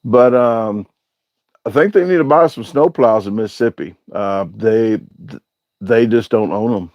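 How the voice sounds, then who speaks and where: Speaking a little slowly in a lowish voice, a man hosts a casual livestream, reading viewer comments aloud and answering them in a rambling, hesitant way packed with filler sounds. The recording is dry and lo-fi.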